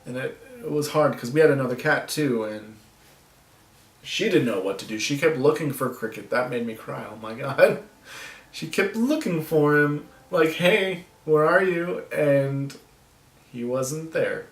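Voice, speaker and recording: A man talking to the camera in a soft, halting way, breaking off with nervous laughs and long pauses. His voice has an average pitch. It sounds roomy and echoey, with the mic set back from him. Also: far from the mic. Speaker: vlogger. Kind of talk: personal vlog talking to camera.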